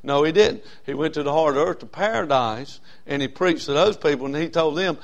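A man preaching a sermon in a folksy way, swinging between loud stressed words and soft drawn-out phrases. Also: fairly high pitch. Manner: folksy, with frequent uh fillers. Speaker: pastor.

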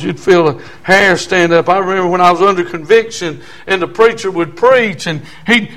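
An older man with a drawl preaches a sermon in a folksy, storytelling way. His voice sits high for a man. He swings between ringing shouts and low, confiding asides. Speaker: pastor.

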